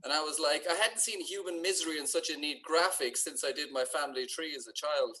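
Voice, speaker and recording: A man's voice: fairly high pitch, brisk, bright, forceful tone, rough recording. Sardonic man doing stand-up. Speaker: stand-up comedian. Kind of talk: stand-up set. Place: comedy club stage.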